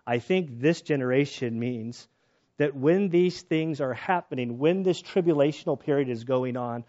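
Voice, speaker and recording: Telling stories from his own life, a mid-voiced pastor gives a relaxed, chatty sermon at normal speed, getting lively whenever he's excited. The sound quality is lo-fi.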